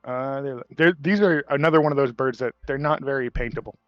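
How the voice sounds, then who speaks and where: A mid-pitched man talks movies and birds with friends, hedging with lots of fillers and laughing easily. His voice comes through dull and dry, with faint music underneath. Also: brisk, no echo. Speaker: player. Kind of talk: casual chat over voice call.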